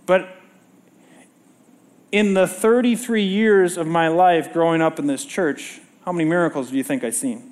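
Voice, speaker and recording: A middle-aged man delivers a sermon from a church stage in a strikingly high voice. He tells stories with animation and keeps turning to the congregation with rhetorical questions. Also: normal speed. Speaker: preacher.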